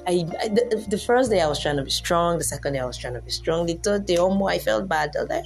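A woman's voice: medium pitch, expressive, fast, gravelly, few pauses, soft background music. A young woman chatting casually about relationships, acting out her own past self in quotes and laughing often. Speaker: vlogger giving relationship advice. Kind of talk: casual storytelling monologue.

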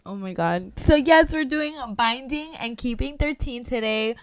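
A woman co-hosting a casual book podcast, excitable and playful, laughing and teasing her friend. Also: sits high, unhurried, dry recording. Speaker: podcast co-host. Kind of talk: casual chat. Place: apartment in New York City.

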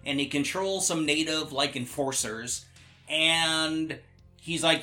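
A man co-hosting a podcast, casually recapping a horror movie plot and tossing in quick character voices. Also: on the high side, sharp tone, faint music behind. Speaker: podcast co-host. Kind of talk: casual movie review chat.

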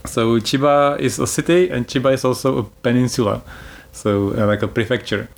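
A chatty man hosts a casual travel podcast in an ordinary mid-range voice. He explains things loosely, with frequent fillers and quick laughs. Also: medium pitch, creaky. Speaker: podcast host.

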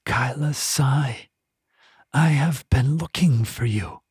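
A man voicing an eerie unseen presence that speaks through a servant, slow, smooth and commanding, half in a whisper, in an audiobook. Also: mid-range voice, a little mellow, no room sound, clean studio sound. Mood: menacing.

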